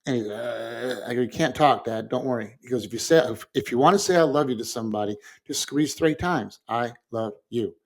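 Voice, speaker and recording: A grieving man talks through a recent loss in a casual conversation. He speaks at an ordinary middle pitch, halting and restarting as he goes and breaking into soft laughs now and then. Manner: halting, with restarts and soft laughs while telling a personal story. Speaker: podcast co-host.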